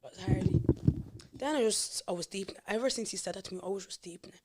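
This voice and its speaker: A woman guest on a podcast, talking in quick, chatty, matter-of-fact casual conversation. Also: medium pitch, a little mellow, a little hiss or hum.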